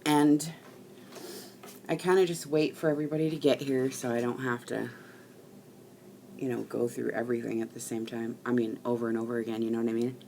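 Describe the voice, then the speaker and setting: A middle-aged woman rambling casually to live-stream viewers while she crafts at home, chatty and quick to swear. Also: extremely low pitch, little pitch movement, warm tone, slight background noise.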